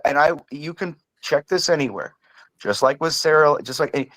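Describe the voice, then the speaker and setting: A man's voice: a little high, animated, moderate pace, a bit bright, no echo, rough recording. A man on an online panel call, ranting angrily with heavy profanity and stammered restarts. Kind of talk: heated livestream panel argument.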